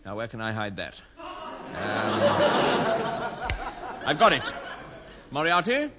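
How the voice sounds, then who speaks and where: A man's voice: mid-range voice, huge pitch swings, very slow, lo-fi sound, over a noisy crowd, heavily acted. An actor playing an oily scheming conman on an old noisy radio comedy recording with audience laughter. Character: smooth scheming conman, adult man.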